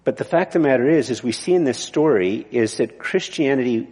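Husky man preaching in a reverberant church. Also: mid-range voice, animated, brisk, darkish tone. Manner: conversational, digressive, with many restarts. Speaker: pastor. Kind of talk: sermon. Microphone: mic on the body.

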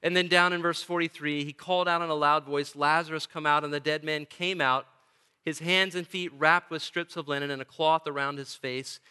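A man's voice: a little high, steady tone, normal speed, pushed and bright, clean tone. A male pastor preaching a sermon in a church, earnest and emphatic, with touches of dry humor. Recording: long church reverb.

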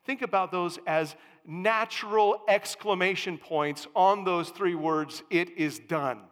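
A male pastor preaching a sermon, dropping to hushed lines and then rising to booming proclamations. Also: lively intonation, measured pace. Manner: dramatic swings from hushed to booming. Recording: long church reverb.

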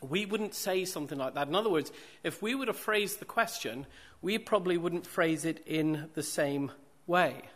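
A man's voice: fairly high pitch, normal speed, hardly any pauses, fairly bright tone. A man preaching a sermon, repeating phrases for emphasis and posing rhetorical questions to the congregation.

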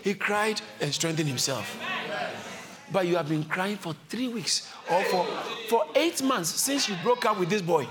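A man preaches in church at a measured pace, pressing his point again and again as he swings from quiet, calm stretches to shouted climaxes. The live congregation can be heard responding.

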